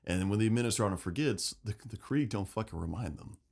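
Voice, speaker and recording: Male podcast co-host, very low voice, casual and profane. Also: fast, gravelly. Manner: animated, swearing, acts out quotes. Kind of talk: casual lore chat.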